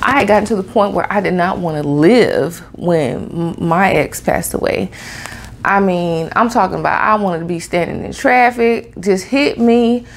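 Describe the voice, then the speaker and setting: Gravelly woman telling a lively story. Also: mid-range voice, normal speed. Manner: animated, laughs a lot, Southern US slang. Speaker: vlogger. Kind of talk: casual storytelling to camera.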